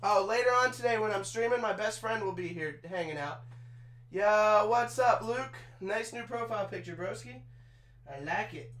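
Chatty high-voiced young man streaming. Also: moderate pace, fairly bright tone. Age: 20s. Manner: chatty, talks to chat while assembling a chair, swears casually. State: sweaty and overheated from work. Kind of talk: casual live-stream chat. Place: small room in his trailer. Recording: echoey room with faint hum.

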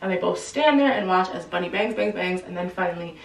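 A woman casually retelling a novel's plot in a chatty, slangy way, quickly acting out the characters' lines. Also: on the low side, expressive, gravelly, echoey room, recorded from a distance, poor audio. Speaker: book explainer. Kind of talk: casual book recap.

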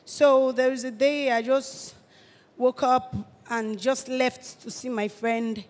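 An eighteen-year-old woman with a Nigerian accent gives a halting personal testimony, often restarting her phrases. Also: high-pitched, steady tone, a little mellow, big-room sound. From Delta State, Nigeria. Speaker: testifying church guest.

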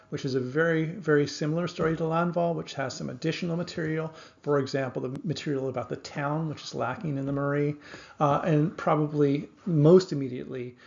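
A man's voice: mid-range voice, gravelly. A man giving a recorded literature lecture, explaining steadily with some hesitations. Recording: dull lo-fi recording.

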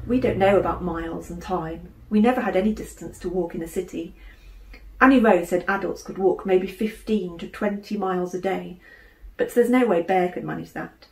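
A woman's voice: lowish voice, creaky. Woman reading a storybook aloud. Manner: measured, expressive storytelling. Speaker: author reading her book. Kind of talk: audiobook narration. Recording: roomy room echo.

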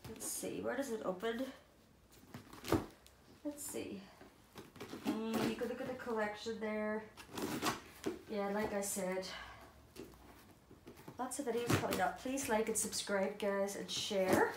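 A woman chatting casually to viewers as she unboxes a doll parcel, gushing and excitable. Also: mid-range voice, takes it slowly, pauses often, echoey room, very noisy. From Ireland. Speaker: doll collector vlogger.

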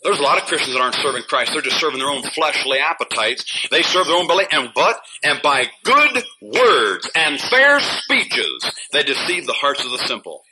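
A fiery male pastor with a fairly high voice preaches to his church in a scolding tone. His sermon jumps to loud bursts and dry chuckles. The old recording carries a steady hiss under his voice. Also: moderate pace, hardly any pauses.

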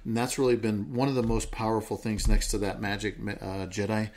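A man co-hosting a podcast, talking through his ideas with stories and sometimes dropping into a slow, low, calm voice to show how it works. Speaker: podcast co-host. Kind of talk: casual podcast chat.

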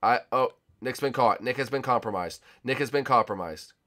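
A man's voice: mid-range voice, moderate pace, faint music behind. A young man with a sore throat giving playful, jokey commentary on a hide-and-seek game with friends. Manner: excitable, jokey, shouts and laughs. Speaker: gaming YouTuber.

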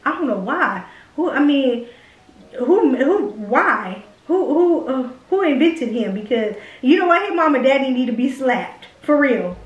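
Speaking a little slowly in a high, animated voice, a young Houston woman vlogs casually, giving smash-or-pass reactions about who she'd date. She gushes, swears, and teases her audience; the lo-fi recording has an echoey room sound and faint music.

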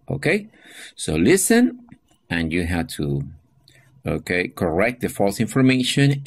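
Man explaining a lesson, asking "okay?". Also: lowish voice. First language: Spanish. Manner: frequent check-ins like "okay?" and "all right?". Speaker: English teacher. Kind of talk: classroom explanation of a textbook lesson.

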